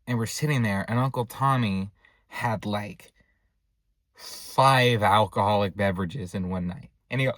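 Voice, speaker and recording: A young man telling a casual story for his vlog, rambling with lots of filler words, recorded in a dark room at home. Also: fairly low pitch, measured pace, dry recording. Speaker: vlogger.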